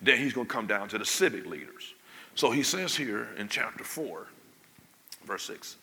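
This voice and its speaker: A man preaching a sermon. He moves from low conversational asides to loud shouted preaching and calls for the congregation to answer him. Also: big pitch swings, normal speed, vocal fry. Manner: call-and-response with the congregation. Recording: long hall reverb.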